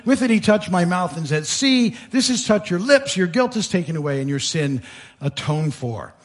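A man's voice: high voice, big pitch swings, moderate pace. A male pastor preaching a sermon, telling the story with animation, acting out voices and often restarting his sentences. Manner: frequent fillers and repeated starts.

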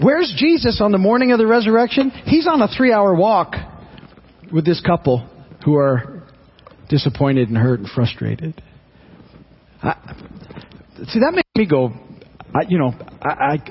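High, husky-voiced man preaching. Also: sing-song, normal speed, dull audio. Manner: earnest and conversational, with frequent restarts and repeated words. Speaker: pastor. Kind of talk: sermon.

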